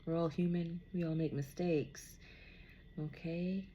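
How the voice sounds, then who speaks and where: Woman, card reader, casual spiritual reading, lowish voice, reassuring, keeps checking in. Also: fairly even intonation, measured pace, warm tone, slight background noise. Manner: reassuring, talks to an unseen "somebody", keeps asking "okay?".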